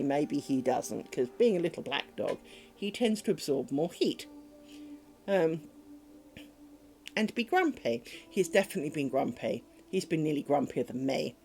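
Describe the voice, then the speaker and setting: Animated British woman telling rambling stories. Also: low voice. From Britain. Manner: rambling, animated storytelling with frequent ums and swearing. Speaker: crafts streamer. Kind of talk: casual livestream chat.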